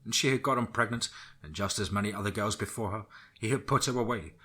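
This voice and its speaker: A man narrating a dark horror story in a steady storytelling manner. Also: fast. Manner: steady storytelling, drops low for grim lines.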